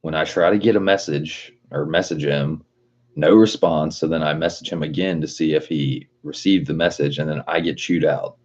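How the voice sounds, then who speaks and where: A man with an extremely deep, husky voice rants on a casual livestream, rambling and swearing freely with plenty of "like." The audio is dull and lo-fi. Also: steady tone, normal speed, a little mellow. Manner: profane, rambling, lots of "like". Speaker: livestreamer reading chat.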